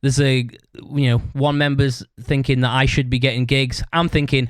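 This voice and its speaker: A man's voice: mid-range voice, fairly even intonation, moderate pace, clean tone, dry recording. A man hosting a podcast, telling a rambling story, swearing constantly and tagging his sentences with "right?". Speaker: podcast host. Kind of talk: casual storytelling monologue.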